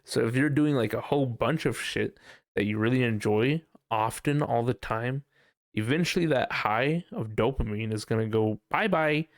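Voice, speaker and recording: A man's voice: mid-range voice, moderate pace, dry recording, clean studio sound. A young man hosting a casual podcast, ranting profanely with a lot of laughter. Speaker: podcast host.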